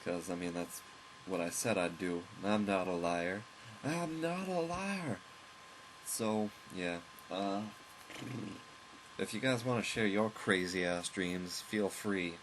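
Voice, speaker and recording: Low-voiced man rambling through a story. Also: fairly even intonation, unhurried, background noise. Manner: rambling, with chuckles and asides to the game. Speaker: let's play host. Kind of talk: casual storytelling over gameplay commentary. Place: at home, with a loud pet bird nearby.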